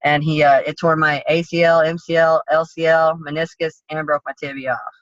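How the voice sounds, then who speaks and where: A woman's voice: low-pitched, flat delivery, a little fast, dry recording. A woman MMA fighter guest telling a story in a blunt, profane, vivid way in a casual interview. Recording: dull lo-fi sound.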